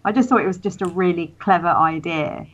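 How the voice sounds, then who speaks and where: A woman's voice: lowish voice, brisk, slight background noise. A woman, a guest TV critic, talking enthusiastically and rambling a little. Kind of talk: casual chat. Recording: dull lo-fi sound.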